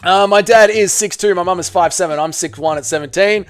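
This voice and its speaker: A man's voice: high voice, a little fast, clear, resonant tone. An Australian man hosting a casual live stream, reading out chat messages, swearing freely and bantering with viewers. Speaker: livestream host reading chat.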